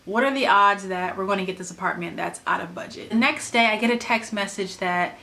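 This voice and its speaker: A woman vlogger casually retelling a personal story in an animated, chatty way, often saying "like". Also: medium pitch, a little fast, creaky.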